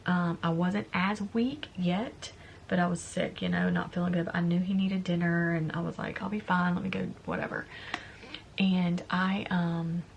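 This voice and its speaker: A young woman telling a personal story in a storytime vlog, talking in a soft, confiding way that often drops to a hushed near-whisper. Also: fairly low pitch, steady tone, moderate pace, vocal fry, highs cut off, slight background noise. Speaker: beauty vlogger.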